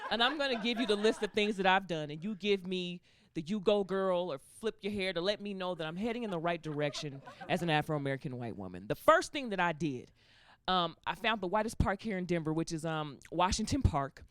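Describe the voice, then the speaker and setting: On a comedy club stage, a woman performs stand-up, telling stories in an animated way and acting out the characters. She speaks a little fast at a fairly low pitch, picked up by a live stage mic along with the audience's laughter.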